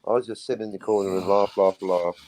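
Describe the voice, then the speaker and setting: A man's voice: fairly low pitch, steady tone, fairly quick, a little mellow, a little hiss or hum. An English man chatting casually as a guest on a morning stream, teasing and bantering. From England. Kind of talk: casual chat.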